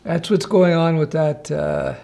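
Gravelly man chatting on a live stream. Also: on the high side, fairly even intonation, measured pace, warm tone. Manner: chatty, reads chat questions aloud, wry asides.

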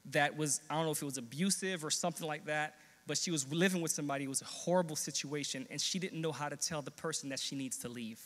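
A young adult man preaching, telling a personal story with earnest, animated quoted dialogue. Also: fairly high pitch. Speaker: pastor. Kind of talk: sermon storytelling. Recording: long hall reverb.

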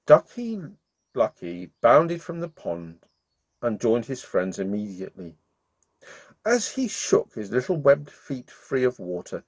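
A man reading a bedtime story aloud to children in a playful, friendly way as the channel's storyteller. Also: mid-range voice. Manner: warm-hearted, playful, sings along.

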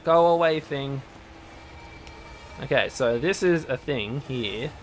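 A young man in casual let's play commentary, swearing a lot and bursting into yells at enemies. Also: medium pitch, lively intonation, slow, a little hiss or hum. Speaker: gaming channel host. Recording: faint game music behind.

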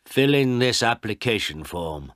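A man's voice: medium pitch, sing-song, a bit bright, no echo, studio quality, pitched above the performer's own voice. A man reading a curt, dismissive official. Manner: brisk and dismissive. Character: curt male government official. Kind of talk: audiobook character voice.

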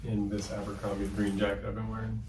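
A man's voice: on the low side, monotone, quick pace, echoey room, noisy background. A young man chatting casually with his partner in a vlog, easygoing, with short replies. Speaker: vlogger's partner.

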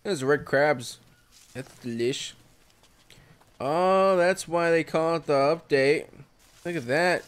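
A man's voice: a little high, takes it slowly, pauses often, clear, resonant tone. A man giving casual solo commentary over a survival game, exclaiming at surprises. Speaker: gameplay commentator.

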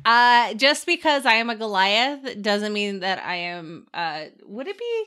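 A woman's voice: mid-range voice, big pitch swings, a little slow, bright, forceful tone, clean tone. A woman playing a tabletop game, giggly and chatty as she announces her rolls. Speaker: player. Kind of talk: casual tabletop play.

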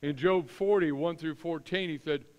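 A middle-aged man preaching a sermon as pastor, chatting with the congregation, then reading scripture loudly and with emphasis. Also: a little high, moderate pace, muffled recording.

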